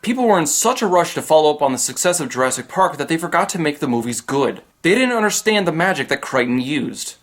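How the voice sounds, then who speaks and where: Racing along with hardly any pauses, this reviewer jokes his way through a film in a sarcastic, lively tone. His slightly high voice swings dramatically, and dry quips land between each point.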